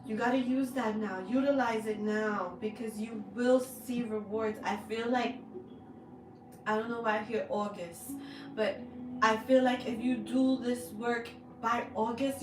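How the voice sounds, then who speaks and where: A woman talks slowly and with feeling through a tarot energy reading. Her voice sits fairly high and sounds a little distant from the mic in an echoey room. Music plays behind her. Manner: slow, heartfelt and emotional, with drawn-out words. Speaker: spiritual reader, channel host.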